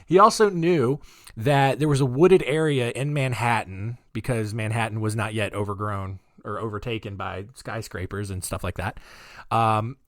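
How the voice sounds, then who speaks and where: A man hosting a podcast, telling odd history stories in a rambling, jokey way, with a deep morning voice and lots of fillers. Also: no echo, clean studio sound. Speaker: podcast host. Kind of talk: casual comedic storytelling.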